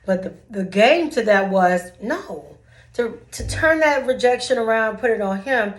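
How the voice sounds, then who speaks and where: A woman's voice: fairly high pitch, expressive, a little slow. A woman vlogger telling a personal story in a casual, dramatic way, acting out both sides of a conversation. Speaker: vlogger giving dating advice.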